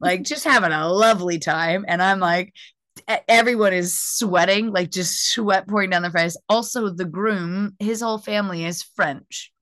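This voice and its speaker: A young American woman, a stand-up comic, telling a story in a loose, lively way. She laughs often and acts out what others said. The sound is dry and close. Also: mid-range voice, moderate pace, no room sound. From United States. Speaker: stand-up comedian. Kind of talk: casual chat, storytelling.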